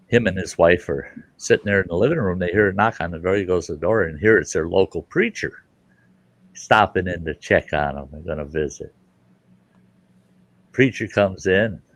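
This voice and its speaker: A middle-aged man hosting, telling a joke in a folksy, animated, casual way. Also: low-pitched, dry recording. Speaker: storyteller host.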